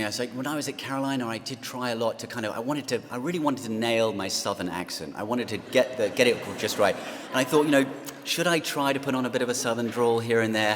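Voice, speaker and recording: A man in his forties with an English accent, giving a self-deprecating speech to an audience, with many fillers and restarts. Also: mid-range voice. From England. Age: 40s. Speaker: guest speaker. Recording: long hall reverb.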